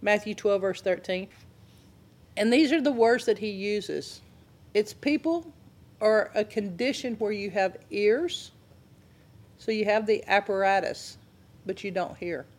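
A woman's voice: medium pitch, measured pace, long pauses. Woman teaching a casual Bible class. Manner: conversational, asks the audience questions.

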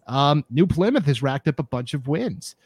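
A man with a fairly high voice hosts a casual sports podcast, and he talks in an animated way that quickly turns into a rant. The sound is dry and close, with no room around it. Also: breathy edge, no echo. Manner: animated, gets fired up and rants. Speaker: podcast host.

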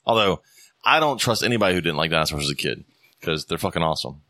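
A low-pitched man talks quickly in a bright, crisp tone, recorded close and dry. He hosts a casual podcast and tells loose stories full of swearing. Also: expressive, no echo. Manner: loose, profane storytelling. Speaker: podcast host. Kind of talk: casual chat.

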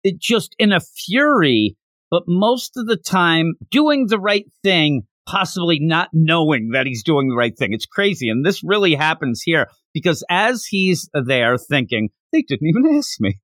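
A man's voice: on the high side, a little slow, no room sound. A man hosting a casual chat who talks animatedly and acts out characters as he goes. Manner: animated, acting out characters, laughing. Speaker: podcast host.

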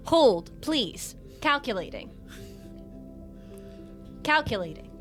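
An earnest, literal-minded male android, voiced by a woman in a tabletop role-playing game. The voice is high and bright with lively swings of pitch, yet every word comes out very slowly. It makes flat, computer-like announcements. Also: soft background music, full character voice. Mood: deadpan.

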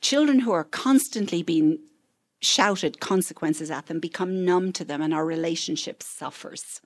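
A woman's voice: on the low side, normal speed, no room sound. A woman counselor giving a parenting talk, telling stories and acting out what parents and children say, with frequent "right?" asides.

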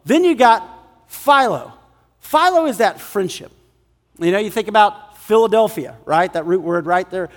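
Male pastor, high voice, lively conversational sermon, long hall reverb. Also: normal speed. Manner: animated, conversational preaching with many asides.

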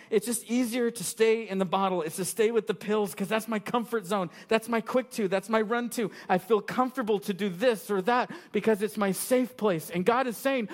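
A male pastor preaching a sermon, animated, swinging from loud bursts to quiet asides. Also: sits high, normal speed, few pauses. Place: church sanctuary. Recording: long reverb of a large hall.

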